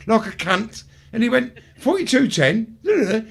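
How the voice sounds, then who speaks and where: A gravelly, husky man rants on a live stream, swearing at every turn. His voice sits high and leaps all over the place as he mocks the people he quotes. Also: big pitch swings, normal speed, hardly any pauses, a bit bright. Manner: swears constantly, swings into high mocking voices. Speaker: show host.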